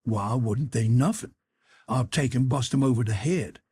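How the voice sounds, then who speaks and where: Storybook figure: a stubborn, folksy grown man, read by a man, husky and dry. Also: mid-range voice, normal speed, darkish tone, no room sound. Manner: dialect-heavy, insistent arguing.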